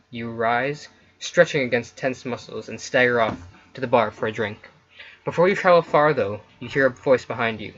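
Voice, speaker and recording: A man's voice: medium pitch, fairly bright tone, highs cut off. A man hosting a let's play, reading interactive fiction aloud between casual chat with his co-player. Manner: reads story text then chats casually.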